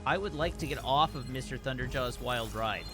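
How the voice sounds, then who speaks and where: A man's voice: mid-range voice, moderate pace, over music. A man streaming a video game, joking and commenting on his own play, with sudden mumbles and outbursts. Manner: jokey, self-mocking, swings between mumbles and outbursts. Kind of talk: let's play gameplay commentary.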